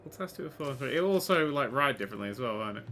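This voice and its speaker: A man giving casual let's-play commentary, excitable and sweary, swinging from quiet mutters to loud exclamations. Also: medium pitch, rapid-fire, slight background noise. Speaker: gaming YouTuber.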